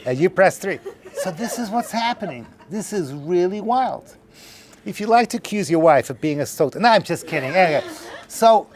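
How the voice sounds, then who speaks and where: A man's voice: high voice, a little hiss or hum. A middle-aged man, a rabbi teaching a class, telling a long story with acted-out dialogue and joking asides to a live audience in a lecture hall.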